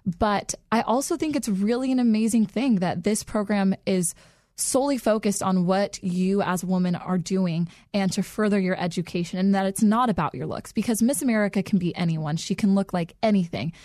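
A woman's voice: medium pitch, fairly quick, darkish tone, dry recording, clean studio sound. A young woman answering interview questions in an earnest, heartfelt way, laughing lightly between sentences. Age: young adult. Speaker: guest. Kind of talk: interview answers, personal story.

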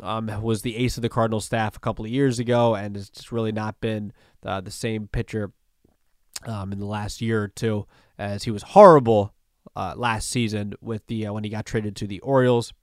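A man's voice: lowish voice, flat delivery, normal speed, no echo, studio quality. A man hosting a solo sports podcast, talking loosely and conversationally, with plenty of fillers and restarts. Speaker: podcast host. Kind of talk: casual solo sports talk.

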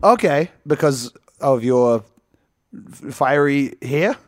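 A man's voice: medium pitch, animated, slow, no room sound, studio quality. A man co-hosting a casual, comedic podcast chat, rambling through jokes and laughing often. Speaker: podcast co-host.

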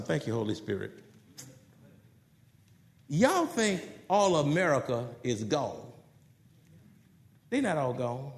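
A man preaching to his congregation in a high, animated voice that leaps and drops. He swings between loud, rising calls and quiet, low asides. The sound carries the echo of a big room. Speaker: pastor. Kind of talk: sermon.

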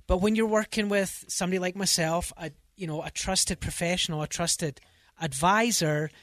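Scottish man with a higher voice. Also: steady tone, normal speed, a bit bright, no echo, studio quality. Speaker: realtor guest. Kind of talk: radio talk show chat. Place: radio studio.

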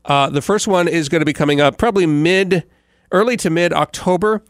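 A man's voice: a little high, brisk, no echo, studio quality. A man who hosts a morning radio show, giving a casual rambling recap with many fillers and restarts. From United States. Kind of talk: casual podcast recap monologue.

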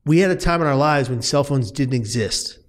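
A man's voice: mid-range voice, expressive, a little fast. A man speaking as an interview guest, telling a personal story earnestly and with emphasis, often restarting his words.

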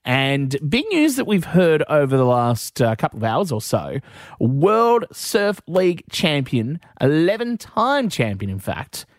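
A man's voice: fairly high pitch, sing-song, unhurried, no room sound, clean studio sound. A man hosting a radio show, delivering a news segment and introducing a guest. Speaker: radio host.

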